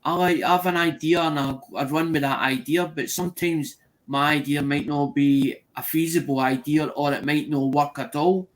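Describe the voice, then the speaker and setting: A man's voice: on the high side, fairly even intonation, moderate pace. A man chatting casually in a group, rambling and repeating himself, peppering his talk with "as in".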